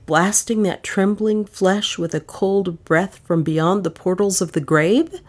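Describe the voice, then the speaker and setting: A woman reading a mystery novel aloud in measured, dramatic narration. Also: fairly low pitch, a little mellow. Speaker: audiobook narrator.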